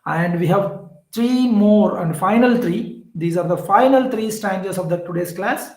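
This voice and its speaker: A man's voice: high-pitched, unhurried, a little mellow, reverberant, rough recording. A man teaching an online exam-prep lesson on literature. He explains step by step, repeats key terms and corrects himself as he goes.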